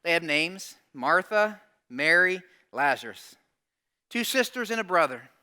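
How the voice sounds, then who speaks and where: Guy pastor telling a bible story, high bright voice, super chatty, loud one sec then hushed the next. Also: big pitch swings, a little slow. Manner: casual conversational storytelling; swings between loud exclamations and hushed asides. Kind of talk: sermon.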